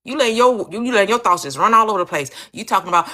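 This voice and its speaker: A woman's voice: medium pitch, lively intonation, rapid-fire, few pauses, pushed and bright. A woman host teaching manifestation in an emphatic, preachy way, firing off repeated rhetorical questions on a live stream.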